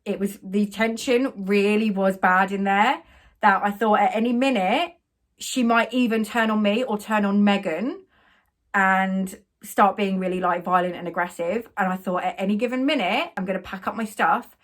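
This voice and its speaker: A woman makeup artist, telling a story to camera, animated and quoting others in their voices. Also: medium pitch. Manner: animated, quotes people in their own voices, quick asides.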